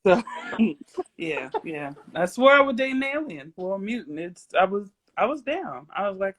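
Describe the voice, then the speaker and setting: A woman's voice: medium pitch, very animated, moderate pace. A young adult woman hosting a casual livestream interview, playful and rambling, breaking into giggles and silly sound effects. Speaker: host.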